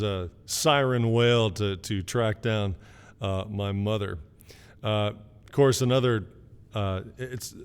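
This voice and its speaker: A middle-aged man from Canada, telling stories about his parents in a casual video greeting, with lots of fillers and pauses. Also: lowish voice, clean tone, long reverb tail. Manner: rambling storytelling with many fillers. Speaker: son giving an anniversary message.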